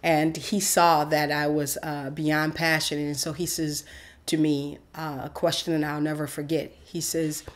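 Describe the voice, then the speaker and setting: Low-voiced woman telling a lively story. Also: normal speed. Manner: animated storyteller, many fillers, acts out quoted voices. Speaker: host. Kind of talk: personal testimony.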